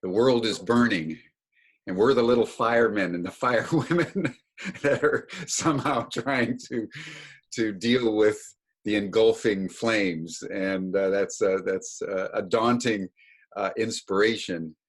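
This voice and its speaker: Husky, slow-spoken male host. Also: lowish voice. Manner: measured, with many fillers. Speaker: webinar host. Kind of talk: reflective commentary.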